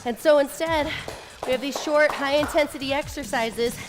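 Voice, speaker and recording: A fitness instructor with a high-pitched voice talks at a normal speed over workout music. She leads a follow-along session, cheering people on while she gets winded.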